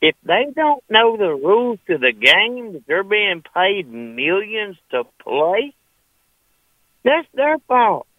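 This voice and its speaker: A man's voice: high voice, very animated, slow, no room sound. A man from Alabama, calling in to argue with a radio host in a folksy way. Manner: folksy, argumentative. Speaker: caller. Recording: tinny phone line.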